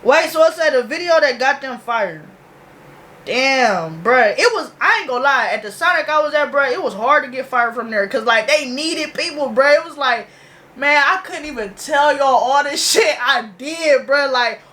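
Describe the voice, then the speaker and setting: High, bright-voiced young woman ranting casually. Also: animated, moderate pace. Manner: loose, profane slang-heavy storytelling. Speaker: reaction video host. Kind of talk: casual reaction vlog.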